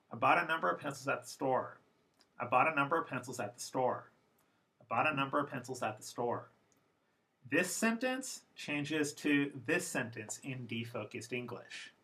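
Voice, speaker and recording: A man teaching English pronunciation in a classroom lecture, explaining terms and modeling example sentences slowly and then quickly. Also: mid-range voice, pushed and bright. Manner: clear, explanatory, addressing students.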